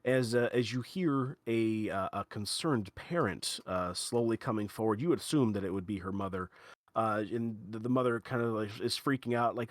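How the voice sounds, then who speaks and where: A man narrating as game master in a tabletop game, halting and playful, with many fillers and restarts. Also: on the low side, no room sound, studio quality.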